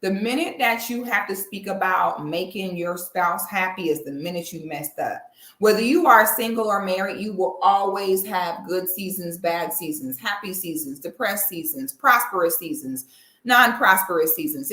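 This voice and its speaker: A woman's voice: medium pitch, normal speed, a bit bright, reverberant. A woman giving blunt, opinionated commentary in a sassy, preachy way. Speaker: commentary vlogger.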